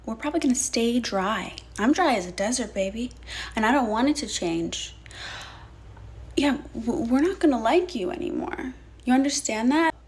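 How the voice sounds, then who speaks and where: Smug woman with a higher voice. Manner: smug, defiant.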